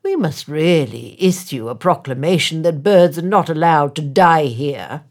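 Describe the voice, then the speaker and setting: A woman voicing a vain, pompous male town mayor in a loud, raised voice, in a storybook reading. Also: deep voice, lively intonation, a little slow, heavily acted.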